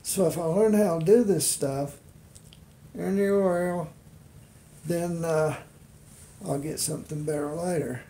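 A man's voice: a little high, a little slow, long pauses, dark tone. A man talking casually to camera as a beginner ventriloquist, rambling and self-deprecating with lots of fillers. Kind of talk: casual home vlog.

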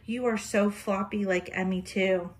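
Woman, unhurried delivery, cooing baby talk, breathy whispers, unboxing vlog. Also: medium pitch, steady tone. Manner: soft, cooing, talks to the doll like a baby; drops into breathy whispers of delight. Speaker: reborn doll collector and vlogger.

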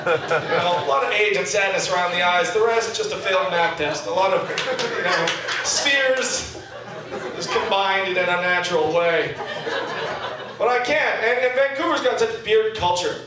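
Recorded from a distance in an echoey indoor club, this thirtysomething comic delivers a wry, profane, self-mocking set as the audience laughs. His voice sits high and moves at a moderate pace, with background noise present.

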